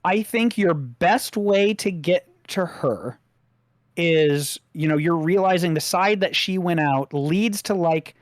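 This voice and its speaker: A game master running a tabletop role-playing game, describing scenes in a slow, meandering way. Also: medium pitch, no echo, studio quality.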